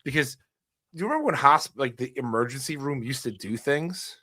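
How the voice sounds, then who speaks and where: Middle-aged male host, casual wry storyteller, mid pitch, dry close sound. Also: animated, moderate pace, sharp tone, dry recording. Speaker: podcast host.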